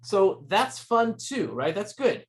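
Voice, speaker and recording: A man's voice: high-pitched, very animated, takes it slowly. A man giving a live tech demonstration at a user group meeting, explaining step by step in a friendly, informal way.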